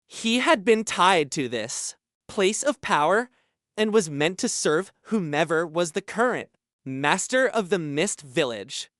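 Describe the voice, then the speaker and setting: Slow, expressive male audiobook narrator. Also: a little high, no echo, studio quality. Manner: measured, expressive reading.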